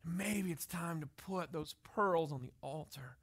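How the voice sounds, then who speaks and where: A man in his thirties preaching a sermon, telling a story softly and then building to loud, emphatic exhortation. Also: on the high side, a little slow, husky. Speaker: pastor.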